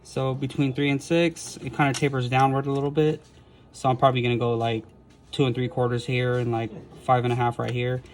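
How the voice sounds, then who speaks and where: A man's voice: mid-range voice, level tone, a little fast. Man measuring while thinking aloud. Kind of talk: casual how-to narration. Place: garage workshop.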